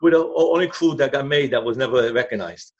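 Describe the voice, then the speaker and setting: An older man, a former associate of a crime crew, appears as an interview guest and tells casual, rambling anecdotes in blunt street grammar. His voice is mid-range and quick, and the lo-fi recording sounds dull.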